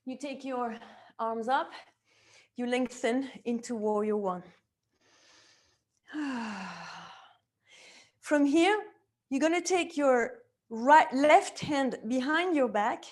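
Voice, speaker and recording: Slow, calm woman guiding a yoga class. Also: high voice. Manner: calm step-by-step cueing tied to the breath; gentle, reassuring, offers options. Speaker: yoga teacher and somatic therapist. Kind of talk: guided yoga class instruction.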